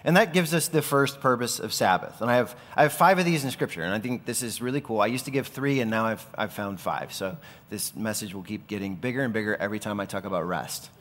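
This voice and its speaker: A man's voice: on the low side, expressive, quick pace, few pauses, a bit bright, in a large hall. A man preaching a sermon as pastor, in a conversational, earnest way with everyday asides.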